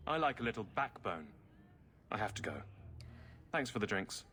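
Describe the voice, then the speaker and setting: A man's voice: on the low side, very animated, moderate pace, bright, forceful tone. An actor playing a reserved male city guard in a video game, formal and clipped. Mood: awkward.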